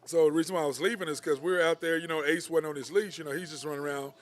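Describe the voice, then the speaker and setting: A man's voice: on the high side, steady tone, very fast. A man hosting a show from a bar, telling stories in casual chat and laughing a lot. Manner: laid-back storytelling, laughs a lot. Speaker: podcast host.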